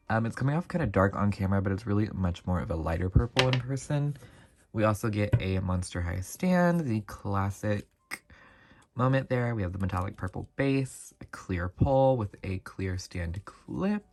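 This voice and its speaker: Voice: sits low, lively intonation, moderate pace. A channel host giving a casual, chatty doll review, rambling with frequent asides.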